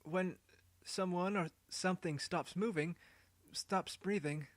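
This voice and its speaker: A man's voice: high-pitched, slow, no room sound. A man voicing a timid, curious ten-year-old boy in a read-aloud story, with hesitant, stammering questions. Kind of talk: storybook character voice.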